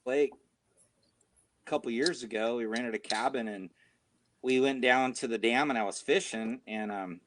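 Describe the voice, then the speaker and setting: A man co-hosting a casual video-call chat, telling relaxed stories and laughing at them. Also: mid-range voice, moderate pace, pauses often, slight background noise. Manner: relaxed storyteller, laughs at his own stories. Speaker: co-host.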